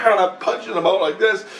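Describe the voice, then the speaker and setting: A man telling a long dream story in a profane, rambling way, laughing between phrases. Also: high voice. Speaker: vlogger recounting a dream. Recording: roomy echo, far from mic, faint hiss.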